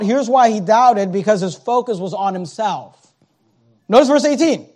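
A male preacher delivers a sermon in a dramatic way. His delivery swings between loud declarations and hushed asides. His voice sits very high for a man. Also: expressive, normal speed.

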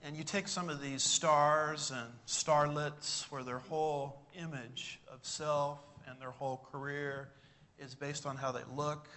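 A man delivers a sermon before a live congregation. His voice is bright and sits a little high for a man, and he leans on rhetorical questions and emphatic phrasing to drive each point home. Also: little pitch movement, measured pace. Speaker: pastor.

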